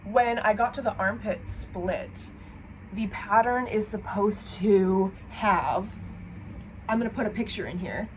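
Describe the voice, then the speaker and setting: A woman's voice: medium pitch, takes it slowly, slight background noise. A woman with a cold chatting casually and swearing freely as she shows her knitting projects at home. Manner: chatty, profane, self-deprecating. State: has a cold. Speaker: knitting vlogger. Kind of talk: casual chat. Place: home, seated.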